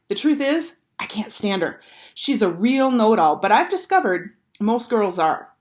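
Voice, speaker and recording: Animated woman reading a storybook. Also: medium pitch. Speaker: teacher reading aloud.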